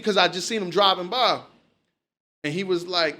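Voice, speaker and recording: A man's voice: high voice, normal speed, sharp tone. A man hosting a casual chat, telling stories loosely and swearing freely. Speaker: podcast host.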